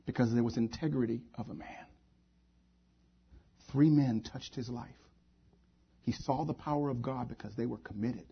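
A man's voice: mid-range voice, vocal fry, slightly rough. A male pastor delivering a sermon, preaching emphatically with repeated phrases, on a dull lo-fi recording.

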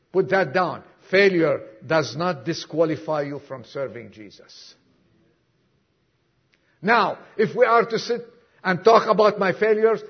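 A man preaching a sermon to a congregation, emphatic, acting out dialogue and dropping suddenly to a hush. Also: sits high, husky, muffled recording. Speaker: pastor. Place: church congregation.

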